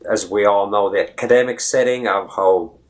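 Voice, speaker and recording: A man's voice: on the low side, moderate pace. Chatty man hosting a video blog. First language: Latvian. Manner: chatty, many fillers and tag questions like "right?". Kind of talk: casual explanatory vlog.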